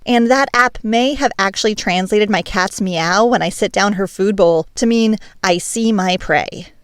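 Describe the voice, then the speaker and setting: A woman's voice: mid-range voice, dry recording, studio quality. A woman hosting a language podcast, delivering a scripted monologue in a playful, emphatic, teacherly way. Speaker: podcast host.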